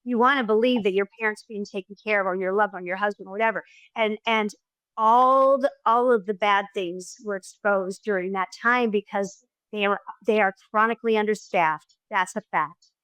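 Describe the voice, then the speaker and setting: A woman's voice: mid-range voice, normal speed, clear, resonant tone, no echo, low-quality recording. A middle-aged woman, a filmmaker guest in an interview, telling stories with lots of restarts and acted-out quotes. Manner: animated storyteller who acts out quotes, frequent restarts. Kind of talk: conversational interview.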